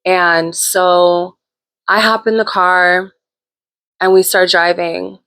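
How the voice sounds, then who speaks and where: A woman with a slightly low-pitched voice hosts her own show and tells a personal story. She talks in a loose, chatty way. She is frank and swears freely. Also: flat delivery, slow, fairly bright tone. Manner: candid, profane, chatty. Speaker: host. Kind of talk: casual storytelling.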